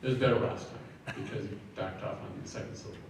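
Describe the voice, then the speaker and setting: A man leading a choir rehearsal, giving brisk feedback on phrasing and breathing, counting the singers in and singing short sample phrases. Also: on the low side, steady tone, vocal fry. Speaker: choir clinician. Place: large echoey rehearsal hall. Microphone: room recording from a distance. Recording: echoey hall from far off, faint noise.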